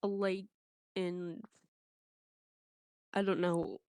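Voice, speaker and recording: A woman's voice: lowish voice, very slow, clean tone, no echo, clean studio sound. A woman telling a funny story in casual chat, acting out the people in it. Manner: animated anecdote telling with quoted voices. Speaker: co-host.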